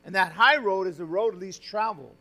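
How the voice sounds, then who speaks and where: A male pastor preaching a sermon, moving between loud, emphatic exhortation and quiet, confiding stretches, often asking the congregation questions. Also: high-pitched, a little fast. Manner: says "friends" and asks the congregation questions.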